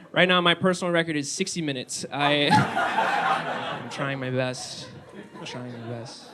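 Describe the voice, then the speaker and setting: A young man doing a stand-up comedy set, excitable and given to yelling. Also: a little high, background noise. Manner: excitable, rising to yells. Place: small comedy venue with live audience.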